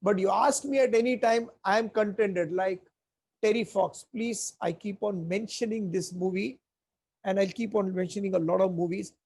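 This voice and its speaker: A male teacher lecturing on scripture, his voice gravelly with a husky edge. He drifts into stories from old movies and slows right down to chant verses. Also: high voice, steady tone, darkish tone. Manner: digressive, chants verses slowly. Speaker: spiritual teacher.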